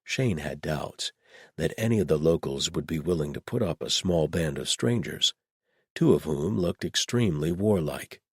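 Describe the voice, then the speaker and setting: A man narrating an audiobook in even, measured storytelling. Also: very deep voice, breathy edge, no room sound, clean studio sound.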